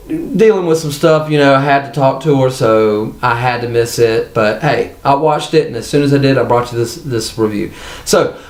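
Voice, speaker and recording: A man's voice: mid-range voice, roomy sound. A man hosting his own TV review channel, talking in a casual, rambling and enthusiastic way with frequent restarts.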